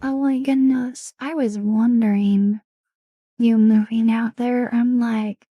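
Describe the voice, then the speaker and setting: A young woman hosting a live stream in whispered role-play, talking softly and affectionately, often dropping into a whisper. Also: a little high, steady tone, slow, dry recording, clean studio sound. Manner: soft, affectionate, alternating whisper and quiet voice. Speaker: streamer host.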